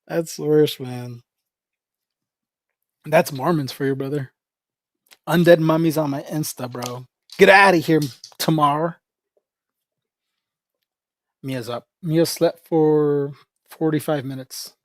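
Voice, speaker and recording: A man's voice: a little high, slow, long pauses, no echo, studio quality. A man livestreaming in a casual, rambling chat, joking with viewers, laughing often and calling people "bro".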